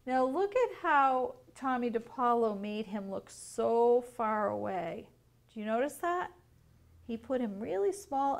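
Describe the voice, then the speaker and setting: A woman teacher reads a picture book aloud to young children. She explains gently and asks questions as she goes. Her pace is slow and her pitch a little high. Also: vocal fry.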